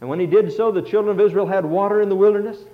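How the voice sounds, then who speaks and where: High-voiced pastor on a tinny line. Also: male voice, rapid-fire. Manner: preaching with sudden swings between loud and hushed. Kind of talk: sermon. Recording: tinny phone-like sound.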